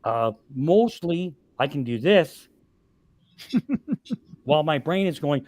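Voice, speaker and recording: Ranting, profane male comic, slightly high. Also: sing-song, takes it slowly, pauses often, a little mellow, dry recording. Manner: heavy swearing, ranting and exasperated. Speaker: stand-up comedian guest. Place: podcast studio.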